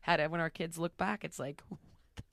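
A woman talking in a casual interview, telling stories in a blunt, profane, animated way. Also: low-pitched, a little fast, gravelly, no echo, studio quality. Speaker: podcast host answering rapid questions.

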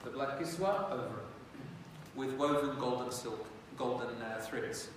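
With an unhurried, mid-range voice, a man teaches religious history as a conversational, story-driven lecture, frequently putting rhetorical questions to his listeners. The recording comes from far off in an echoey hall, with faint noise.

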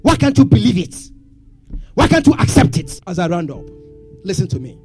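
A man's voice: sits high, big pitch swings, moderate pace, darkish tone, faint music behind. A man preaching a sermon, asking the congregation questions and having them answer back. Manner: call-and-response questions to congregation. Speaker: pastor.

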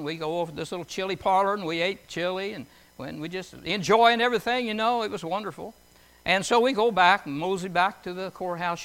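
A man's voice: sits high, a bit bright, clear, resonant tone. A man preaching a folksy sermon, reading scripture and telling homely stories, often putting questions to his listeners in a conversational way.

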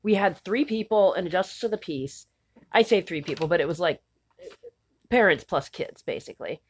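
A woman in her thirties co-hosting a casual chat, blunt and cynical, a little hoarse and often clearing her throat. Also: on the low side, expressive, normal speed. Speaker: podcast co-host.

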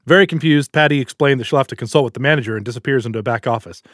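A man's voice: medium pitch, very fast, no echo, clean studio sound. A man hosting a podcast, telling jokes in a casual, storytelling way. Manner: storytelling, animated delivery. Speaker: podcast host.

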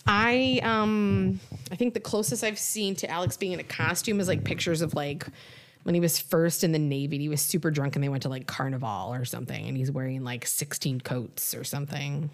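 A woman's voice: low voice, a little fast. A young woman co-hosting a casual podcast, telling stories in a chatty way with lots of fillers. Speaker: podcast co-host. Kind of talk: casual chat.

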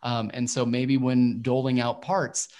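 A man's voice: mid-range voice, flat delivery, a little slow, a little mellow. A man hosting a casual podcast discussion over a remote call, chatty with loose joking asides. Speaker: podcast host. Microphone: remote call microphone.

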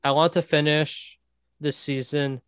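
A man's voice: a little high, flat delivery, unhurried, fairly bright tone, clear, resonant tone, no echo. A man co-hosting a casual sports podcast, reading out news in a matter-of-fact way. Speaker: podcast co-host. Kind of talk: casual chat.

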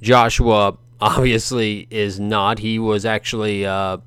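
A male podcast host giving opinionated boxing commentary, animated, ranting and sarcastic. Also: fairly low pitch, slow, clean tone, dry recording.

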